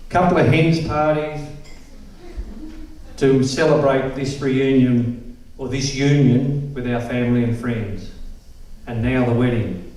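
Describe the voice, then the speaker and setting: An older man giving a measured wedding toast at a reception. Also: a little high, darkish tone. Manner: slow, measured delivery. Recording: echoey hall, distant mic.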